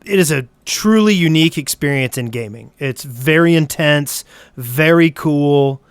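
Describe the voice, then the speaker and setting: A man's voice: a little high, measured pace, smooth, no echo. A man hosting a casual podcast, talking eagerly about the games he has been playing. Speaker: podcast host.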